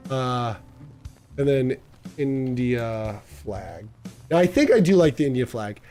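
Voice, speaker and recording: A man's voice: mid-range voice, animated, normal speed, dark tone, soft background music. A man streaming a game, chatting with viewers in a rambling, joking, self-deprecating way. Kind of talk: casual live-stream chat.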